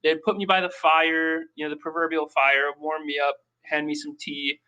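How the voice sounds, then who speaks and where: A man from Minnesota, a podcast guest, telling animated stories in casual talk and acting out the people he met. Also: on the high side, moderate pace, clear, resonant tone, muffled recording. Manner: animated storyteller, acts out quoted people. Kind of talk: casual storytelling.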